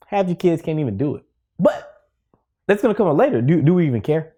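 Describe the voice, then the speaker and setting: A man's voice: on the high side, very animated, brisk, mellow, breathy edge, dull audio. A man hosting a casual video lesson for teachers, talking in a playful, conversational way full of asides. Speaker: teacher and education video host.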